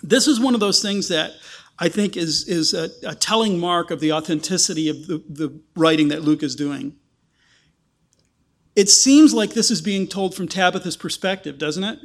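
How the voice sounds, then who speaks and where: A man with a high voice preaches a sermon. He talks through a passage verse by verse and jumps into quoted lines, acting out the people in the story with lively shifts in his delivery. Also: normal speed. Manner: animated, acts out quoted voices.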